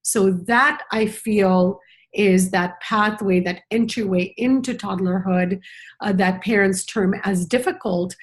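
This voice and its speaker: Slow and medium-pitched, this middle-aged woman addresses a conference as a parenting educator. Her talk is conversational, earnest, and reflective, peppered with "you know."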